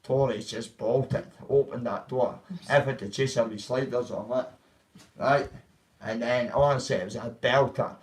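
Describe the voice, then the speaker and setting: A man's voice: medium pitch, steady tone, moderate pace. Rambling, swearing man. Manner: rambling, profane, acts out quoted voices. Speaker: vlogger. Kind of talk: casual storytelling on a livestream. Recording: voice a bit far from the mic.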